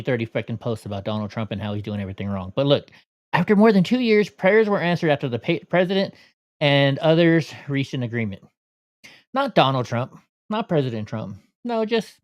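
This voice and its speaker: A man's voice: medium pitch, sing-song, fairly quick. Man, vlog host, out of breath, sarcastic, grumbling asides. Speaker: vlogger. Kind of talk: casual commentary vlog.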